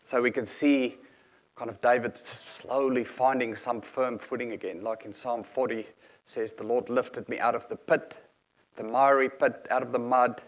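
A man's voice: mid-range voice, fairly even intonation, moderate pace. A man preaching a sermon in an earnest, explanatory manner, reading scripture aloud and unpacking each verse.

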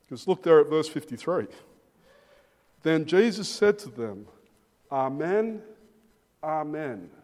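A man's voice: a little high, big pitch swings, moderate pace, pauses often, darkish tone. A man preaching an expository sermon, emphatic and given to repeating words as he starts phrases. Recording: long reverb of a large hall.

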